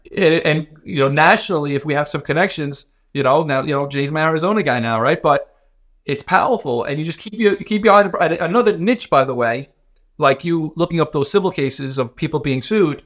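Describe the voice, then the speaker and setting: This podcast co-host speaks a little fast in a slightly high, fairly bright, expressive voice. The talk is casual, and he wanders through it with plenty of restarts and filler words.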